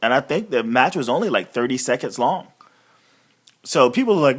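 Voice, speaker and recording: A man's voice: medium pitch, expressive, normal speed. A man giving a casual, rambling recap of a wrestling show, blunt and swearing freely. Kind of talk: casual profane recap monologue.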